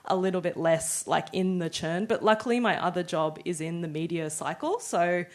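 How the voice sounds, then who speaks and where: A woman with a fairly low voice talks about her working routine on a panel. Her speech is casual and reflective, full of fillers. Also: moderate pace. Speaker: cartoonist on a panel. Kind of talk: panel discussion.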